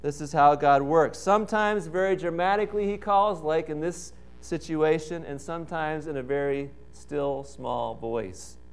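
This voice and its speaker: A male pastor delivers his sermon at an unhurried, deliberate pace. His voice sits fairly high and comes across smooth and resonant. He leans into phrases with emphatic pauses. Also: faint music behind. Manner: slow, emphatic preaching with dramatic pauses.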